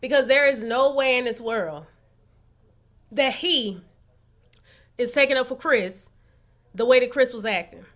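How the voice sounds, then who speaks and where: A woman giving a sassy, animated casual recap of a reality show to her viewers. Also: a little high, unhurried, long pauses. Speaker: recap vlogger.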